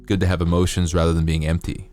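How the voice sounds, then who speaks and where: A male streamer chatting casually with his viewers, rambling and playful, sometimes jumping into high silly voices. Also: completely flat delivery, fast, a little mellow. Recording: faint music behind.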